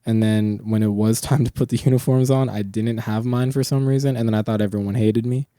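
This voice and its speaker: A man's voice: mid-range voice, steady tone, fairly quick, mellow, no room sound, clean studio sound. A young man hosting a podcast, telling long rambling stories in casual chat, full of swearing and filler words. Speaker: podcast host.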